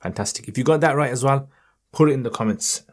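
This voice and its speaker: A man teaching Quran reading in an online lesson, patiently encouraging and modelling each verse in a slow, melodic recitation tone. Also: mid-range voice. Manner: chants verses in a raised melodic tone.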